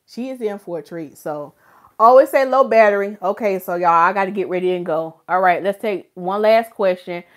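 A woman's voice: mid-range voice, normal speed. A woman talks casually to her livestream viewers, playful and joking. She hosts as a hairstylist and chats easily, teasing her audience. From North Carolina, USA.

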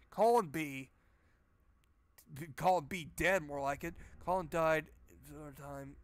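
Casual: snarky guy cursing through a horror game playthrough, voice a bit high. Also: lively intonation, moderate pace, dry recording. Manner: sarcastic, profane. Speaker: game streamer. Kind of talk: let's play commentary.

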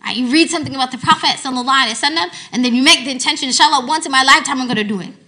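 An American Islamic teacher, a woman, gives a sermon to a women's gathering in a high, rapid-fire voice, telling stories that swing lively from hushed to loud.

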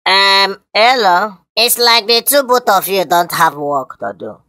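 A Nigerian comedian with a lively, bright voice that swings all over the place, recorded dry and close. He blusters and makes threats in a comedy skit. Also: high-pitched, measured pace, no room sound.

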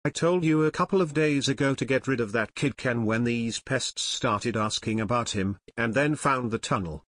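A man's voice: mid-range voice, moderate pace, hardly any pauses, a bit bright, no room sound, close to an everyday voice. A man reading a whiny stocky crook. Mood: griping. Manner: whiny, complaining. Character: stocky male crook, whining and quarrelsome. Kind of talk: audiobook narration.

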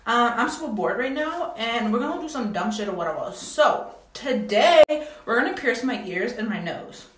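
A young woman vlogging casually at home, excitable and dramatic, with sudden loud exclamations. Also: fairly high pitch, normal speed. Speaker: beauty vlogger. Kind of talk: casual vlog chat. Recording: echoey room with faint noise.

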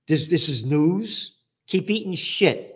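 A man's voice: a little high, lively intonation, slow, slightly rough. A man hosting a show, reading news headlines aloud and answering them with profane, sarcastic rants. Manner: profane, sarcastic, shouting mockery; reads headlines then mocks them. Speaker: trends forecaster and show host. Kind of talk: ranting commentary on news headlines.

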